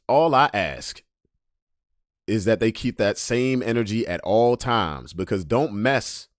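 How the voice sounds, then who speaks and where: Guy ranting on his podcast, voice jumps all over the place, loud then mumbly, real dry mic. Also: no echo. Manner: animated, ranting, swings between loud emphasis and low mutters. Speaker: podcast host. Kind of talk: casual monologue rant.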